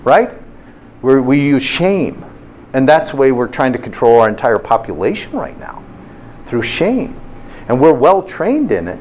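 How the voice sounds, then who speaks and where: A man's voice: mid-range voice, normal speed, a little hiss or hum, poor audio. Guy doing a motivational health talk, bouncy up and down voice, asks the crowd lots of questions, little chuckles here and there. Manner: lively storyteller with rhetorical questions.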